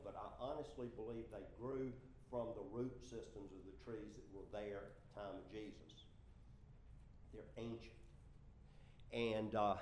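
A man's voice: medium pitch, warm tone, reverberant, slight background noise. A man preaching a sermon in a conversational way, with asides and small jokes. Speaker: pastor.

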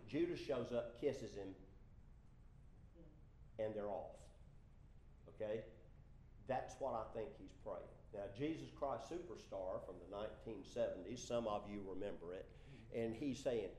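A man's voice: medium pitch, animated, unhurried, a little mellow, echoey room, slight background noise. A man preaching a sermon in a conversational way, with asides and small jokes. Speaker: pastor.

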